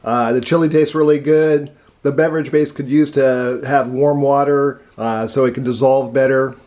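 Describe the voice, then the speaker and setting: A man's voice: mid-range voice, steady tone, moderate pace, a little mellow, highs cut off. Man chatting through mouthfuls. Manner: chews and talks with mouth full. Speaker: food reviewer. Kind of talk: casual taste-test review.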